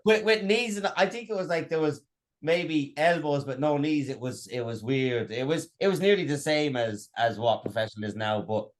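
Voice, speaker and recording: Male interviewer, slightly raised pitch, casual, halting questions with many restarts. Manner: halting, repeats words, fillers.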